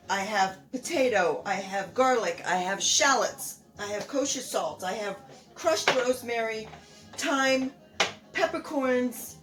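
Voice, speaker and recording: A woman's voice: mid-range voice, a bit bright. Chatty older woman hosting a home cooking show. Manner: chatty, homey, rambling with fillers. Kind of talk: casual cooking demonstration.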